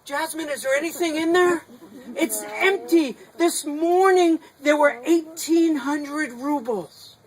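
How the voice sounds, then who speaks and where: A man's voice: very high voice, slow pace, pitched above the performer's own voice, rough recording. A man voicing a frantic, desperate male traveler who has been robbed, wailing and pleading and repeating himself. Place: sukkah, a small outdoor booth.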